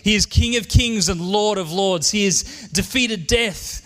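A man's voice: high voice, unhurried, a bit bright, in a large hall. An Australian man in his forties preaching a sermon in church, earnest and emphatic, repeating his key lines. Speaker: pastor.

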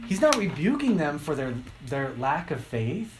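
Middle-aged male preacher, unhurried, animated storyteller, faint room noise. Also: fairly high pitch. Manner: animated storytelling, acting out quotes. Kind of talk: sermon.

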